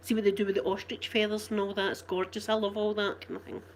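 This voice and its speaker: A woman with a broad Glasgow accent chats casually with her live-stream viewers. She rambles from point to point and breaks into laughter often, at an ordinary pitch for a woman. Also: flat delivery, fast talker, a little hiss or hum. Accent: Scottish, Glasgow.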